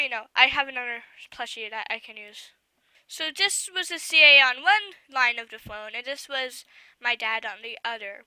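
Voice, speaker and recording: A woman telling a story to camera in a rambling, excitable way, full of fillers and side remarks. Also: sits high, smooth, no echo. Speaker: vlogger.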